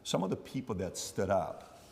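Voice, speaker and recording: A man's voice: lowish voice, sing-song, normal speed, vocal fry, big-room sound. A man in his thirties hosting a casual podcast chat, rambling and acting out the people he quotes. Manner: rambling, acts out quoted voices. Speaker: podcast host. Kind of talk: casual talk show chat.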